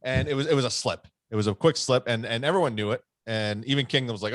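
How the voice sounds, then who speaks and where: A podcast co-host tells a rambling story in casual chat, speaking fast in a mid-range voice with hardly any pauses. The studio-quality recording has no echo, and his talk is full of fillers and swearing.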